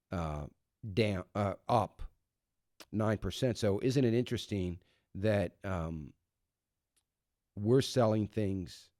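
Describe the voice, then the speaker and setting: Low, dark-voiced sarcastic American man. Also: no echo, studio quality. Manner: sarcastic, opinionated. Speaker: radio talk show host. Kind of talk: radio commentary on economic news. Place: radio studio. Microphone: studio microphone.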